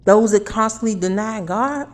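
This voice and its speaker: A woman rants in a heated, profane monologue from her apartment. She preaches and drives her points home by repeating them, in a voice of middling pitch. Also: moderate pace. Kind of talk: angry monologue to camera.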